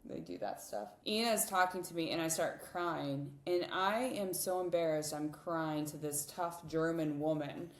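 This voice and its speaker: A woman in her thirties, a cyclist guest on a podcast, telling emotional stories in a candid, animated way with many fillers and restarts. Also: sits low, measured pace, hardly any pauses. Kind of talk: emotional storytelling in a podcast interview. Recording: roomy reverberant sound.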